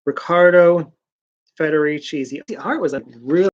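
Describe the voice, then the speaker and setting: Sarcastic man with a higher voice. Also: normal speed, highs cut off. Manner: mocking, rambling, deadpan asides. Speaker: comic book reviewer. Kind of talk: casual sarcastic recap.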